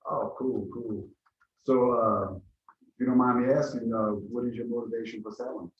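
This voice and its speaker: A man practicing a real estate sales call, polite and halting with frequent fillers. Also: medium pitch, steady tone, roomy sound, far from the mic, muffled recording. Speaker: real estate agent trainee.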